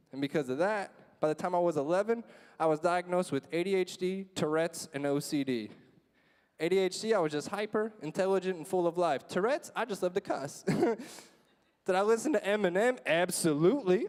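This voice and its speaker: A young man giving a comedic motivational speech, telling stories in an animated way full of "like" and "you know" and acting out the scenes. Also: on the high side, smooth. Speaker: motivational speaker. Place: large conference hall stage. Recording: long reverb of a large hall.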